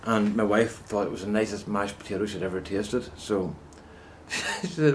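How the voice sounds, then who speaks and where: Older man, low rambling chat. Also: fairly even intonation, moderate pace, hardly any pauses, a little hiss or hum. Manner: meandering, chummy, many restarts and asides. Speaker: gardening vlogger. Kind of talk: casual rambling chat to camera. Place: outdoors in a windy vegetable plot.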